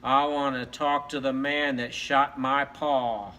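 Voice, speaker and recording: A man's voice: medium pitch, little pitch movement, slow pace, pushed and bright, slight background noise, voice pushed down. A man voicing a stubborn cowboy dog. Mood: insistent. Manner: insistent, demanding. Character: stubborn male dog cowboy in a tall tale.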